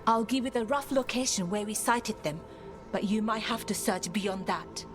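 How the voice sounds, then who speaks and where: An actress playing a practical female elf scout who reports in a brisk, matter-of-fact way in a video game. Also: medium pitch, music in the background, lightly acted. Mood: urgent.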